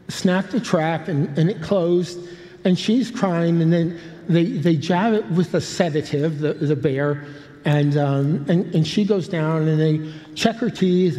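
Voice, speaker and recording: Older male pastor, warm mellow tone, a bit high, rambling storyteller. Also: unhurried. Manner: rambling, self-interrupting with humorous asides. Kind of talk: sermon storytelling. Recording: long hall reverb.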